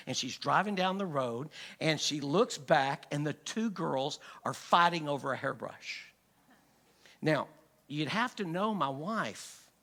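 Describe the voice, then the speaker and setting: Animated, bright-voiced preacher. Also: male voice, sits high. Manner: humorous storytelling, animated, swings from soft to loud. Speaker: pastor. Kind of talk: sermon. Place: church sanctuary.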